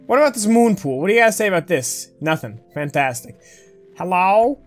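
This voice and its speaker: A woman's voice: lowish voice, lively intonation, normal speed, faint music behind. A woman giving playful, joking commentary while playing a video game. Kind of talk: let's play commentary.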